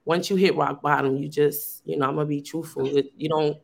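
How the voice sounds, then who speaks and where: A woman's voice: low voice, fairly even intonation, a little fast, gravelly, a little mellow. A woman, a teacher, talking earnestly and at length over a video call, with lots of fillers and restarts. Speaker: teacher and youth program founder. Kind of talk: casual conversational sharing.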